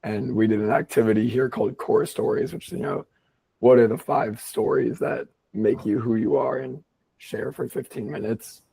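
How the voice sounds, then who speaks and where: Hoarse, gravelly man with almost no voice. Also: mid-range voice, normal speed, warm tone, rough recording. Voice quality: raspy, gravelly. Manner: thoughtful, swears casually. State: hoarse, voice nearly gone. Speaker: podcast co-host. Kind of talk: casual reflective chat.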